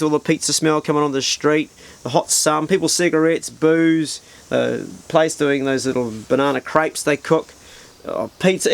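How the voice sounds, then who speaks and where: Man telling a tall story, fairly high voice. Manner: colourful, vivid, swears freely. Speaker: storyteller, channel host. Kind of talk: casual spoken storytelling.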